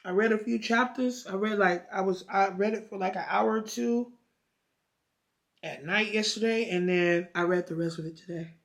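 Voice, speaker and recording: Speaking at an ordinary speed in a mid-range voice, this female vlogger tells a story and talks about a book. Her style is loose, full of slang and swearing, like a relaxed vlog.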